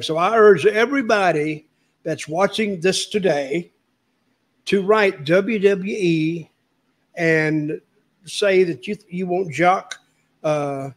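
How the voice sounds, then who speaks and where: A male podcast host who chats in a folksy, easygoing way and encourages his guest. His voice sits fairly high. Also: unhurried. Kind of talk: casual chat.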